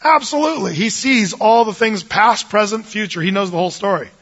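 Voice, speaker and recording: A man with a high, bright voice walks through a Bible passage in a relaxed teaching tone. He jokes and leaps into the voices of the people in the story. The recording sounds muffled and lo-fi. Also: fairly quick. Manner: animated, jokey, acts out voices of biblical figures.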